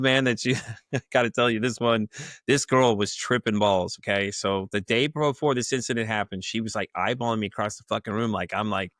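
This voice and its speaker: Profane, animated man telling a story. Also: on the low side, fairly quick, no echo, clean studio sound. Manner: animated, profane, acts out the people in his story; laughs often. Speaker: podcast guest. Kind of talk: casual storytelling.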